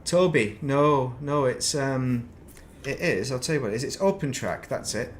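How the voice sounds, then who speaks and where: Chatty male streamer, mid pitch, loose rambling delivery, light background hiss. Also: normal speed. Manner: rambling, chatty, self-deprecating asides. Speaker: gaming streamer. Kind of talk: casual live-stream chat while playing.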